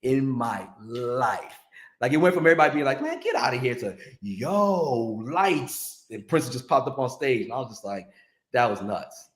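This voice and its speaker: A man's voice: mid-range voice, moderate pace, echoey room. A middle-aged man from the music business, chatting casually and acting out the voices in his stories. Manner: animated storyteller acting out quotes. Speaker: music industry guest telling stories. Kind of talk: casual storytelling chat.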